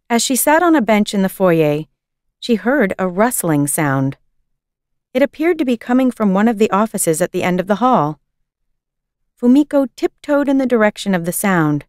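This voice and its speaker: A woman reading a children's book aloud in a measured, expressive storytelling manner. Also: medium pitch, dry recording, studio quality. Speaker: reader.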